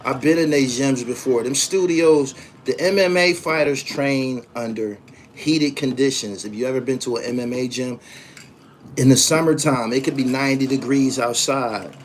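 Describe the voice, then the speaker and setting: A middle-pitched man from the East Coast talks loosely and profanely as he reads out comments from his audience. He acts out the people in his stories. A faint noise hums under the recording. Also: moderate pace. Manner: loose, profane storytelling with acted-out voices. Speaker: podcast host. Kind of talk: casual livestream chat reading comments.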